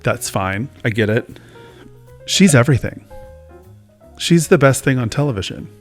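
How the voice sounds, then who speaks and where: A man's voice: mid-range voice, animated, moderate pace, soft background music. A man hosting his own casual talk show, rambling and joking at his own expense. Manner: rambling, self-mocking, chatty. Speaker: host. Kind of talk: casual chat.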